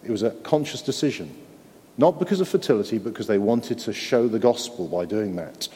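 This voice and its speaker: A man's voice: lowish voice, animated, fairly quick, dark tone. A man preaching a sermon in an earnest way, often repeating words and asking his listeners tag questions. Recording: long hall reverb.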